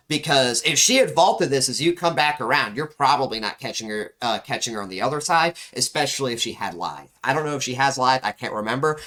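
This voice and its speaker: A man's voice: medium pitch, bright, forceful tone. A young man coaching a player through a match replay, instructive and emphatic, often repeating key words for stress. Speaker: game coach reviewing a match. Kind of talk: analytical gameplay commentary.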